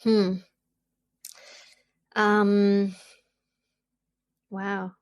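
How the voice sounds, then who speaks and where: A woman from China, speaking English, answers interview questions in a reflective way. She stutters, repeats words and pauses often. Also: medium pitch, flat delivery, clear, resonant tone. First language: Chinese. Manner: stutters, soft and thoughtful, with frequent pauses. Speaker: podcast guest, doctoral student.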